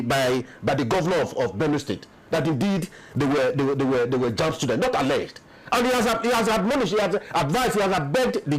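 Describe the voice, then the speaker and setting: An interview guest from a peace commission, speaking with a Nigerian English accent in a voice on the high side, gives fervent, emphatic political commentary, using repetition to build his points. The audio is poor.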